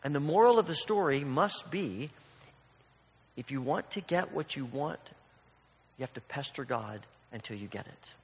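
A man's voice: medium pitch, expressive, moderate pace, in a large hall. A man preaching a sermon in a conversational, storytelling way, acting out the voices in his stories. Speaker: pastor.

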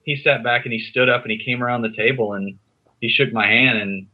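A man telling an animated, rambling story as a podcast guest, with many restarts. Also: medium pitch, fairly quick, dull audio. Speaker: podcast guest, comics writer. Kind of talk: casual storytelling. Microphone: remote call.

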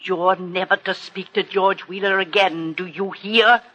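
An actress playing a firm, protective older sister in a 1950s radio drama. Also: female voice, medium pitch, steady tone, unhurried, sharp tone, highs cut off. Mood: stern. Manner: firm and scolding, then frantic over money.

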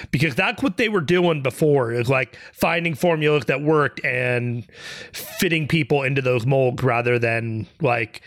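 A podcast co-host talking wrestling in a relaxed, self-deprecating way, laughing easily. He has an average male pitch and a plain, steady delivery. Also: vocal fry. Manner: laid-back, self-deprecating, laughs often. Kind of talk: casual wrestling chat.

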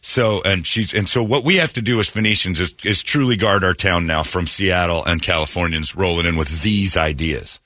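A man's voice: low voice, moderate pace, few pauses, sharp tone, dry recording. A male radio show host telling a story in a rambling, sarcastic, mocking way on a studio mic. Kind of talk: casual talk radio storytelling. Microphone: studio microphone.

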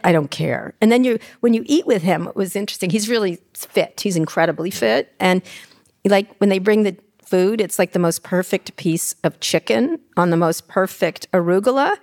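A woman's voice: mid-range voice, moderate pace, a little mellow. A woman in her sixties being interviewed on stage about her memoir, telling irreverent, profane anecdotes and mimicking the people in them. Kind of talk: candid storytelling on stage. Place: live event stage.

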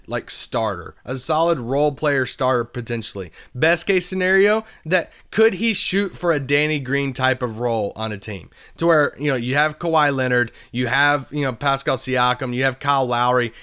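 A man co-hosting a sports podcast, talking earnestly and thinking out loud. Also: mid-range voice, clean tone. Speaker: podcast co-host. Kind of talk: casual sports podcast chat.

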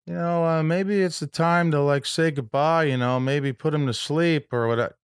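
A gentle, consoling older buddy speaks in a noticeably high, lifted voice, as a man imitates his friend. He stretches his words out slowly and sympathetically, and the sound is close and dry. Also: clean tone, no room sound, natural voice.

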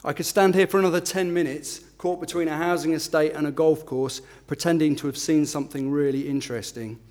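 A man's voice: on the high side, steady tone, fairly quick, darkish tone. A middle-aged man, an author from England, giving a self-deprecating talk with filler ums and then reading a passage from his book.

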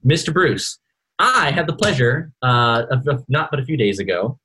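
A man's voice: medium pitch, expressive, normal speed, bright, forceful tone, slight background noise, poor audio. A man co-hosting a podcast, chatting casually and rambling with lots of fillers and restarts. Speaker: podcast co-host.

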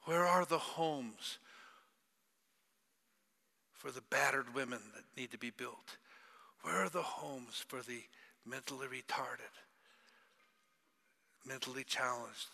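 A male pastor delivers a sermon with a bright, cutting edge to his gravelly voice. He swings from loud, dramatic cries to hushed whispers. The sound carries with a long reverb through a church sanctuary. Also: mid-range voice, slow, long pauses. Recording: long reverb of a large hall.

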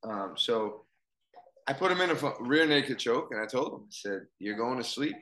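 Animated man telling a story. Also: medium pitch, moderate pace, roomy sound, a little hiss or hum, poor audio. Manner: animated storyteller, acts out dialogue. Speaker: football coach. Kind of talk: storytelling in casual conversation.

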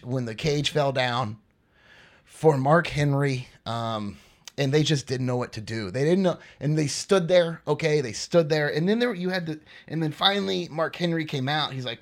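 A man's voice: on the high side, vocal fry. A man hosting a podcast, giving a casual, rambling wrestling recap and repeating points for emphasis. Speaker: podcast host.

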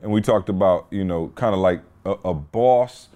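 A man co-hosting a casual podcast, telling stories in an animated way and laughing often. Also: sits low, normal speed. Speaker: podcast co-host.

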